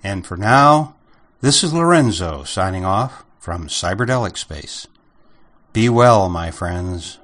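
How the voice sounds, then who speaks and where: A man hosting a podcast, signing off in an unhurried, friendly way. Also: sits low, lively intonation, fairly bright tone. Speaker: podcast host. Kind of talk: podcast sign-off.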